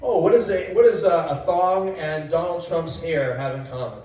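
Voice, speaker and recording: Man, stand-up comic, halting delivery with fillers, slightly high voice, echoey room, distant mic. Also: darkish tone. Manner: halting, many uhs and restarts. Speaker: stand-up comedian. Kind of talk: open-mic joke telling. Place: coffee shop.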